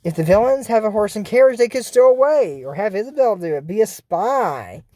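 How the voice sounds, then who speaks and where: A woman's voice: medium pitch, big pitch swings, a little fast, dark tone, no room sound, studio quality. A woman casually recapping a cartoon episode, rambling and joking in asides. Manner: rambling, jokey, trails off into asides.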